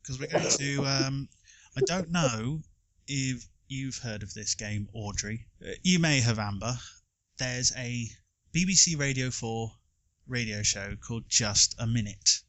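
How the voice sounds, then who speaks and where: A man's voice: mid-range voice, measured pace, fairly bright tone, no room sound. A man casually hosting a podcast quiz, playful and joking, rambling a little between questions. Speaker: quiz host.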